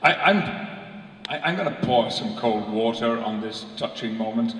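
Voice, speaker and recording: A man's voice: mid-range voice, animated, moderate pace, fairly bright tone, a little hiss or hum. A man telling stories on a convention panel in a dry, wry way, heard in a large hall. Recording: echoey hall from far off.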